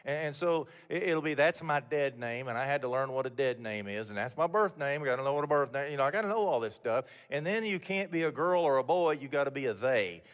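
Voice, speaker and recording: Speaking fast with few pauses and lively intonation, this older man has a medium-pitched voice. He is the guest speaker at a mentoring event, delivering a motivational talk through candid, folksy stories full of restarts. The event hall adds a long reverb to the recording.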